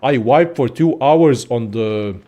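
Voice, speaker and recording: A young man casually ranting about games in a profane, excitable, rambling way as a content creator. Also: mid-range voice, takes it slowly. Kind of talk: casual gaming rant.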